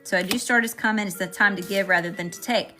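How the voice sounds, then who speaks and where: A woman's voice: medium pitch, fast, bright, forceful tone, faint music behind. A woman doing a live-stream tarot reading, chatting with viewers between cards. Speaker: tarot reader.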